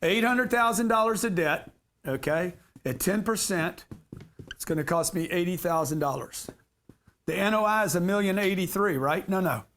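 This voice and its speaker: A man's voice: high voice, normal speed, a bit bright, slight background noise. A man giving a live real estate seminar to an audience, brash and slangy, cracking jokes as he teaches.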